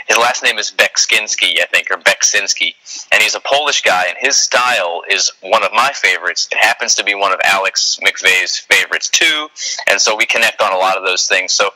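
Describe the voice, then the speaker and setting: A man with a low voice and a very bright, sharp edge talks easily as a band guest on a radio show. He rambles a little, fills gaps with "uh" and "you know", and laughs along. The sound has a broadcast-radio feel. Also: rough recording. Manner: relaxed, rambling, many fillers. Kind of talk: casual phone interview.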